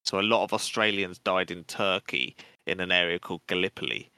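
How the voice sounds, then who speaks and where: Man, podcast co-host, bright forceful tone, excitable sweary chat. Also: low-pitched, fairly quick, clear, resonant tone, no echo. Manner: chatty, sweary, excitable storytelling. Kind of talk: casual chat.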